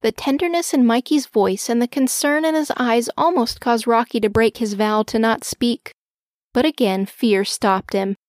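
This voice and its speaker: A woman narrating a children's storybook in a gentle, expressive way. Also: on the high side, moderate pace, no room sound, clean studio sound.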